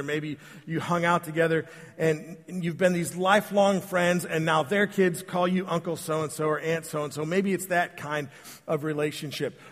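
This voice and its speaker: A male pastor giving a relaxed, joking sermon full of personal stories, talking straight to the congregation. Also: sits high. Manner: casual, joking, addresses the congregation directly. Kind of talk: conversational sermon with storytelling. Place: church sanctuary. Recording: long church reverb.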